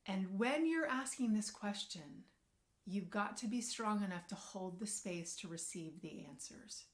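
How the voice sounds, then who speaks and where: A woman working as a parenting coach and social worker, speaking to camera and giving advice directly to parents in an earnest, gentle way. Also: mid-range voice, animated, unhurried.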